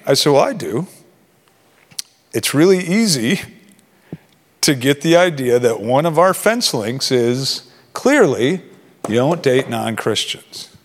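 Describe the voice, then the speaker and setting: A man's voice: mid-range voice, sing-song, a little slow, pauses often. Conversational male preacher in a reverberant hall. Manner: conversational, acts out quoted dialogue. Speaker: pastor. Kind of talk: sermon.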